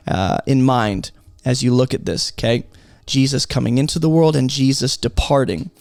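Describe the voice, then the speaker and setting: A man's voice: mid-range voice, vocal fry, darkish tone, no echo. A man teaching through a Bible passage in an emphatic, explanatory way, often asking rhetorical questions.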